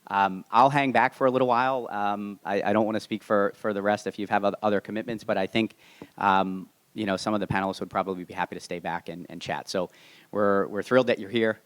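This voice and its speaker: A man moderating a live panel Q&A, casual and halting, with many restarts. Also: lowish voice, fairly even intonation, dry recording.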